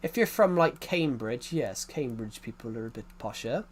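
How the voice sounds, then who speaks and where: A man's voice: mid-range voice, expressive, moderate pace. A young man with an English working-class accent from a former mining area, chatting casually on a livestream, rambling, restarting sentences and answering chat. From England.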